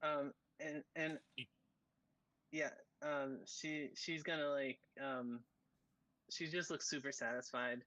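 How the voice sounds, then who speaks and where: A game master narrating a tabletop game in a halting way, with many ums and frequent laughs. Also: mid-range voice, fairly even intonation, pushed and bright, no echo, low-quality recording.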